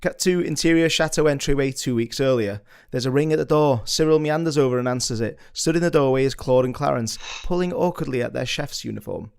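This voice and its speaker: A man's voice: medium pitch, fairly quick, vocal fry, few pauses, a little mellow, clear, resonant tone. A man narrating the scene headings and stage directions of a live script read in a matter-of-fact way.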